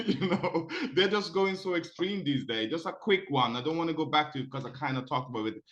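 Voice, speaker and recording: A man's voice: a little high, lively intonation, brisk, hardly any pauses, a bit bright. A man hosting a casual talk show, chatting in a playful, teasing way. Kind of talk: casual chat.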